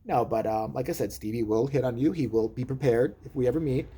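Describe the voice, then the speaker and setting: A man's voice: mid-range voice, fairly quick, dark tone, a little hiss or hum. A man giving a rambling, joking comic monologue to camera from inside a shop, drifting off on tangents. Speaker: vlogger. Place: adult store.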